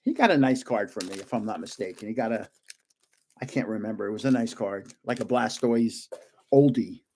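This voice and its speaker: An older man casually opening trading cards on a live stream, chatty and excitable, guessing aloud and laughing often. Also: lowish voice, fairly quick, a little hiss or hum. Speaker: card-opening vlogger.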